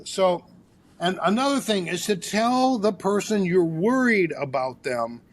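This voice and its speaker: A man's voice: sits high, a little slow. An older man, a therapist guest, telling a story in an interview and acting out the dialogue with energy. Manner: animated storyteller, acts out dialogue.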